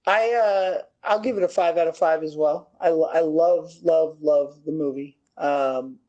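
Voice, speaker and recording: Man, fairly high voice, upbeat podcast host who keeps the chat moving with questions. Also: measured pace, darkish tone, lo-fi sound. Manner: upbeat, leads the talk with questions. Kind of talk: casual chat.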